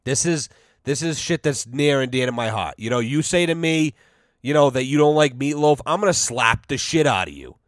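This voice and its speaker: A man hosts his own podcast and rants in a heated, profane, mock-outraged way. His voice sits at an ordinary middle pitch. The recording is close and dry with no room sound. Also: lively intonation, normal speed, no room sound. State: sweating from heat. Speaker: podcast host. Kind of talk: casual solo podcast rant.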